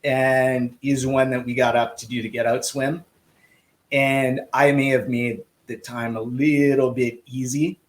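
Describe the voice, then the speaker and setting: Male guest, swim coach, casual anecdotal storyteller, lively delivery with acted-out dialogue. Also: medium pitch, measured pace, poor audio. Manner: lively, acts out quoted dialogue.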